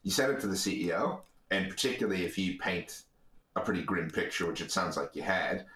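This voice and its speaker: A male podcast host with a very low voice, recorded with a roomy echo around him. He is inquisitive and chatty, and he often trips over the first words of a sentence. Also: a little fast, a bit bright. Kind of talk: casual interview chat.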